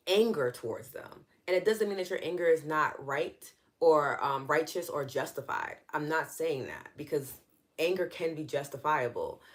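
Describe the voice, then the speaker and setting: A woman with a New York accent hosting a live online teaching session, explaining earnestly in a conversational way and responding to viewer comments. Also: low-pitched. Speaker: EFT session host.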